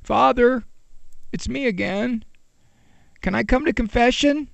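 A man voicing a weary, overwhelmed mother who begs a priest to hear her confession, soft and plaintive. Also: very high voice, unhurried, creaky, no room sound, voice pushed up, full character voice. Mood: pleading.

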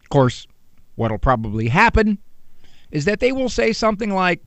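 A man's voice: sits high, very animated, moderate pace, vocal fry, fairly bright tone, no echo. A middle-aged man hosting a radio talk show, chatting with a teasing tone and acting out the quotes he tells. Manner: conversational, teasing, acts out quotes. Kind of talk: animated radio monologue.

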